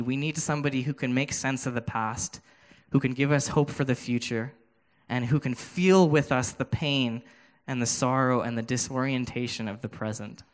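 A man giving a sermon with a personal testimony, earnest and halting, often restarting his words, speaking into a handheld microphone. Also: mid-range voice. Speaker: preacher.

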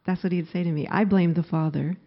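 A woman's voice: on the low side, fairly even intonation, fast talker, slight background noise. A middle-aged woman preaching a sermon, acting out quoted laments with rising force. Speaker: pastor. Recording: slightly dull lo-fi recording.

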